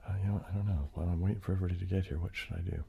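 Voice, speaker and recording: Sleepy male stream host, very low and gravelly, relaxed chatter between taps. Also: racing, narrow, tinny audio. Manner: relaxed, chatty, greets viewers by name. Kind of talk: casual ASMR live stream chat. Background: wood tapping.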